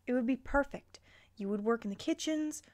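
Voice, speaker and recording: A woman voicing a devoted male elf, in a soft, gentle tone. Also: fairly high pitch, moderate pace, lightly acted. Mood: tender.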